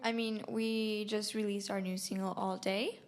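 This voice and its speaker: A woman's voice: mid-range voice, level tone, unhurried. A young woman from Finland, a band member giving easygoing, casual interview answers.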